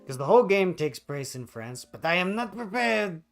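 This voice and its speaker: A man's voice: high voice, sing-song, normal speed, creaky, soft background music. A male streamer chatting casually over a live game, joking at his own expense. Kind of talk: casual live gameplay chat.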